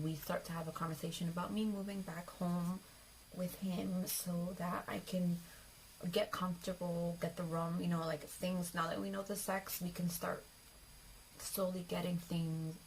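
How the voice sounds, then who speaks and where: A woman's voice: lowish voice, level tone, normal speed, a little hiss or hum, rough recording. A young adult woman vlogger telling a personal story in a casual, rambling way. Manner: chatty, rambling, with fillers and acted quotes.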